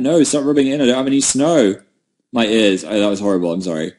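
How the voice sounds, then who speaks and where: A man's voice: on the low side, animated, brisk, darkish tone. A man chatting casually on a livestream from home, rambling and self-deprecating as he answers viewer comments through a webcam mic. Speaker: livestream host.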